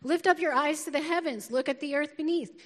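A middle-aged woman pastor preaching a lively, feisty sermon and laughing often, recorded in a church auditorium. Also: high-pitched, brisk. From northern United States. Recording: long reverb of a large hall.

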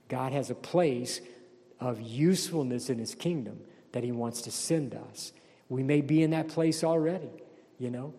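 A man's voice: medium pitch, gravelly, mellow, long reverb tail. A man preaching a sermon as pastor, emphatic and questioning the congregation.

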